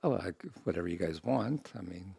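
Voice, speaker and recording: A man trading easygoing jokes on a podcast with a gravelly, husky voice. His pitch roams widely as he teases. The sound is close and dry. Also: animated, brisk, warm tone, no echo. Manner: joking, teasing, easygoing. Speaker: podcast co-host. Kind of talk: casual banter.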